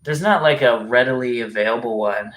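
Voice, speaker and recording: A man's voice: medium pitch, fairly quick, fairly bright tone. A young man hosting a live stream, rambling casually with lots of fillers and some swearing, and speaking with a regional accent. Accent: regional dialect, place unstated. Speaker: livestream host.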